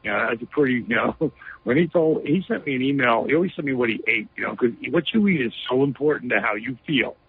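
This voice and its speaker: A man's voice: mid-range voice, expressive, fast talker, husky. A man being interviewed, telling a story emphatically with lots of "you know" fillers over a phone line. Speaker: interview guest.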